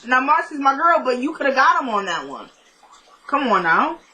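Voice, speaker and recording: Woman vlogger with a raised pitch, tired but playful, casually recapping a show for viewers. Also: big pitch swings, moderate pace, bright, forceful tone. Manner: chatty and playful, joking asides to viewers. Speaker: TV episode recapper.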